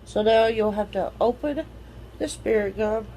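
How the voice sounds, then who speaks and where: A woman's voice: medium pitch, a little slow, warm tone, a little hiss or hum, poor audio. A woman of thirty with a stuffy nose, explaining makeup application steps in a tutorial. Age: 30s.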